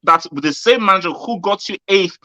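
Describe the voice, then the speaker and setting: A man's voice: high voice, brisk, bright, forceful tone. A man pushing and mocking his opponent in a heated football debate over a video call. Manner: mocking and pushy. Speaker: guest pundit.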